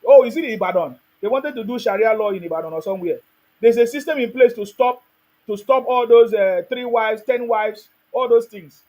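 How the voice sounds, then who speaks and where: A man's voice: very high-pitched, fairly quick, a little mellow, poor audio. A man with a Nigerian accent hosting a show, giving emphatic political commentary, with rhetorical questions and bits of Pidgin. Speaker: online show host.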